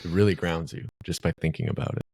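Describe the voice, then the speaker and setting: A man co-hosts a podcast and hands out advice in a loose, filler-heavy way. His voice is very low and dark with a gravelly texture. The room sounds dry. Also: steady tone, fast talker, no echo. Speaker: podcast co-host, dating coach. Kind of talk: casual podcast chat.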